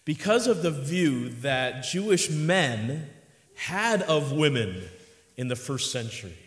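Expressive preacher in an echoey hall. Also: male voice, a little high, slow pace. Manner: expressive, swings between hushed and emphatic. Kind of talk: sermon. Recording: echoey hall with long reverb.

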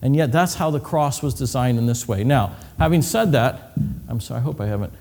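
Preacher in a reverberant hall. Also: male voice, mid-range voice, fairly quick, gravelly, a little mellow. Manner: vivid, acts out cries and whispers, medical detail. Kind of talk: sermon with slides.

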